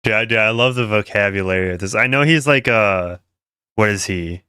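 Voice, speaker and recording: A man's voice: on the low side, normal speed, pushed and bright, clean tone, dry recording, clean studio sound. A man hosting casual commentary, rambling with many fillers and asides to his viewers. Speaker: commentary host.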